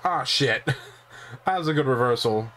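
A young man giving live gameplay commentary, excitable, swearing freely and laughing often as he plays. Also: mid-range voice, normal speed. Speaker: streamer.

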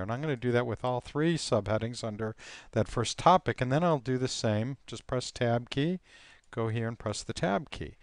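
A man teaching software on a screen recording, relaxed and thinking aloud with frequent ums and uhs. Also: mid-range voice, clear, resonant tone, no room sound, studio quality.

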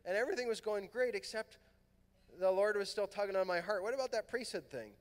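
Man, middle-aged, high voice, animated storytelling, long hall reverb. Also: fast talker. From Southern California. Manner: animated, acts out quoted dialogue. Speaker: priest and conference speaker. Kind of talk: storytelling talk to a youth conference. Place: large fieldhouse hall.

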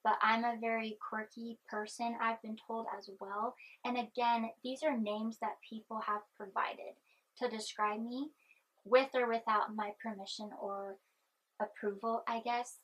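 Brief: young woman vlogger, soft-spoken, slightly high and breathy, anxious, rambling while chewing gum. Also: level tone, a little slow, low-quality recording. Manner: chatty, meandering, chewing gum. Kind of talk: rambling personal vlog.

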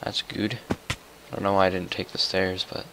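A young man giving casual, chatty commentary while playing a video game, muttering to himself and getting excitable. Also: deep voice, moderate pace, noisy background. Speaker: gaming YouTuber.

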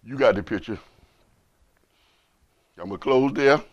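A man's voice: medium pitch, a little slow, no echo, muffled recording. A man, an imam, giving an emotional, impassioned sermon and repeating phrases for emphasis.

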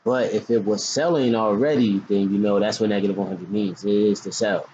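A man's voice: on the low side, fairly even intonation, a little fast, darkish tone. A man casually talking about forex trading in a loose, joking, slangy way with hyped outbursts. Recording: dull lo-fi recording with faint noise.

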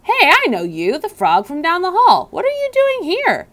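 A woman's voice: a little high, sing-song, moderate pace, fairly bright tone, pitched above the performer's own voice. A woman voicing a kind, cheerful male school custodian who talks in an easygoing, friendly way.

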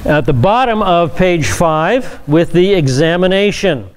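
A man's voice: sits high, lively intonation, measured pace, clear, resonant tone. A pastor leading a Bible study, explaining scripture to a class in a conversational teaching manner with asides to his listeners.

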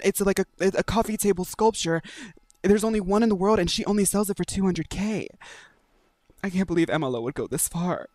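A woman streamer giving joking, dramatic, excitable reactions over a game. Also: mid-range voice, no room sound. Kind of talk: live game stream commentary.

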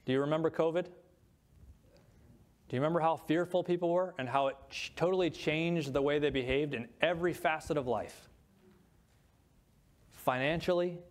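A man's voice: a little high, a little mellow. Man preaching a scripture sermon. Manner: reads scripture aloud, stresses words in lists. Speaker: pastor.

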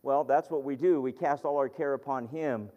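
A man's voice: mid-range voice, normal speed, warm tone. Earnest preacher man mid sermon, long church hall echo, dull muffled recording. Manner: earnest, reads scripture aloud, tells stories with rising emphasis.

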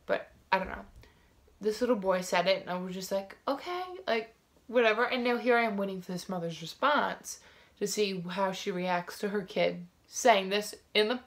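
A woman talks straight to her viewers in a casual storytime vlog, her voice sitting at a middling pitch. She rambles, circles back and leans on "like" constantly, with a frank, indignant edge. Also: a bit bright. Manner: rambling, full of "like" fillers and restarts. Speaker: vlogger.

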